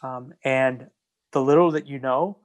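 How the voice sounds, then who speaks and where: A man's voice: medium pitch, unhurried. Earnest, agreeable man in casual chat. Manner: earnest and agreeable, repeats words while gathering thoughts. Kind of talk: casual conversation.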